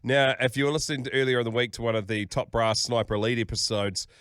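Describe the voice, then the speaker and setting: A man's voice: mid-range voice, fairly even intonation, fast, a bit bright, clean tone, dry recording, studio quality. A man with a New Zealand accent, co-hosting a podcast, bantering and introducing segments. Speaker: podcast co-host. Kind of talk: casual chat.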